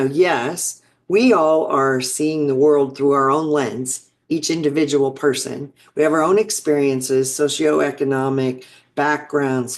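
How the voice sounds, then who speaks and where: Telling personal stories in an interview, a woman in her sixties sounds reflective and earnest, often breaking off to restart her sentences. Her voice is deep with a darkish tone.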